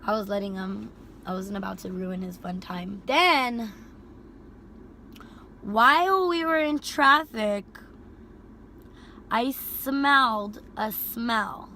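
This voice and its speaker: A young woman casually telling a storytime about her driving job, animated, swearing freely and filling with "like". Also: a little high, slow, long pauses, slight background noise. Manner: animated, heavy swearing and filler "like". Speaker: rideshare driver and vlogger.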